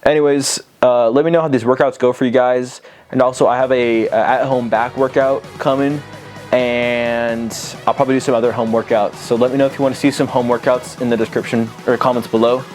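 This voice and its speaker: A man's voice: mid-range voice, steady tone, a little fast, darkish tone, faint music behind. A young man giving casual home workout instructions from a cramped bedroom, talking loosely, swearing now and then, and out of breath while he exercises. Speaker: fitness vlogger. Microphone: camera on a tripod.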